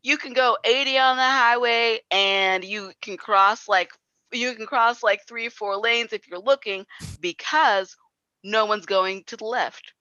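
A guest from New Jersey talks in a loose, rambling way, full of fillers and little laughs. The voice is bright and forceful, set close and dry. The audio has a slightly dull, lo-fi quality. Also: mid-range voice, unhurried, no room sound. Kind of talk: casual interview chat.

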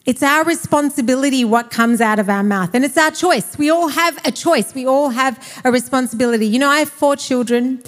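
A woman's voice: high voice, fairly quick, hardly any pauses. A woman in her forties preaching a sermon in church, telling family stories with frequent laughter. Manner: storytelling with laughs. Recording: reverberant church hall.

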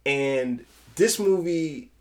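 Animated, profane young man on a podcast. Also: a little high, drawn-out words. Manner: animated, profane, acts out film quotes. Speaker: podcast co-host. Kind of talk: casual podcast chat.

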